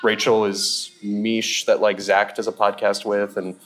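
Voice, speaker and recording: A young man from Seattle talks casually as a podcast guest, rambling and animated, full of "like" and quick laughs. His voice sits fairly low. Faint music hums underneath. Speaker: guest sketch comedian.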